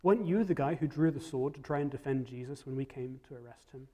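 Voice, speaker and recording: Preacher doing a witness guy who's sure he saw you, slow, insistent, dark tone. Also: mid-range voice, big-room sound, lightly acted. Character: certain male witness confronting someone.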